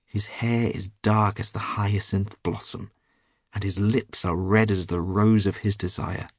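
A tender storybook nightingale speaking earnestly of love, read by a man. The voice stays low and husky, recorded dry and close. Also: fairly even intonation, unhurried, no room sound. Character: female nightingale, tender and devoted.

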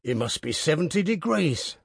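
A pompous ex-soldier scribe from an audiobook story, officious and self-important as he dictates, voiced by a male narrator in his own fairly high voice. The sound is close and dry. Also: very animated, normal speed, vocal fry, slightly rough, no echo, exaggerated voice. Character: pompous village letter-writer, a pretentious ex-soldier.

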